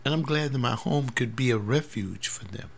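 A man's voice: mid-range voice, normal speed, vocal fry. A man in his seventies, a pastor, talking earnestly in a rambling personal monologue, often repeating words. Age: 70s.

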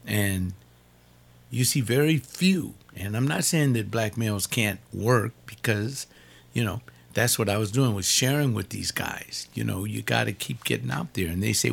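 Older man, preacher, slow drawl, low gravelly voice, repeats words for emphasis. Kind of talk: informal sermon-style monologue.

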